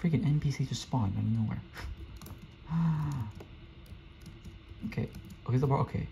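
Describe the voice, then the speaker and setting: A man's voice: medium pitch, normal speed, vocal fry, dark tone. A young man giving casual, rambling commentary as he plays a game, often frustrated and talking to himself. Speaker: gaming streamer. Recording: dull lo-fi mic with faint hiss.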